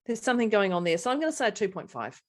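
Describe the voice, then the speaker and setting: A woman's voice: medium pitch, big pitch swings, racing. Chatty woman podcast co-host. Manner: chatty, laughs often, talks in repeated phrases. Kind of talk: casual chat.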